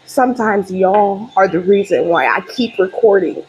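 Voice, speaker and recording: A woman's voice: mid-range voice, normal speed, a little mellow, slight background noise, rough recording. A woman hosting her own channel, giving a casual spiritual reading straight to her viewers in a chatty, emphatic and openly heartfelt way. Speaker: spiritual reader and channel host.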